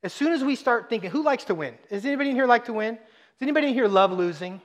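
A man's voice: very high-pitched, rapid-fire. A middle-aged man from Texas preaching a sermon, telling joking family stories and acting out voices. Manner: joking, animated storytelling with acted-out voices. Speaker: pastor.

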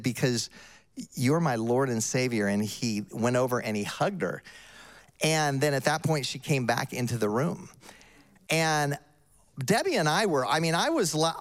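Older man preaching, slightly high voice. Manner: conversational storytelling with emphatic asides. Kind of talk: sermon.

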